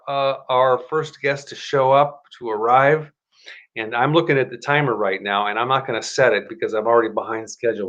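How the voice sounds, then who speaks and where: A man hosting a live stream at his computer. He talks in a rambling, chatty way, corrects himself often, and shifts into a motivational pitch. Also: a bit bright, dull audio. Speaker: host of a live stream show. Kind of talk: casual live-stream talk and self-help pitch.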